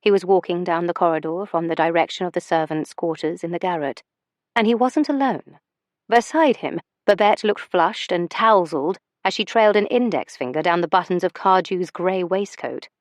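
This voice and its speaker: A woman's voice: lowish voice, no echo, studio quality. Woman narrating a romance audiobook. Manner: measured, expressive storytelling.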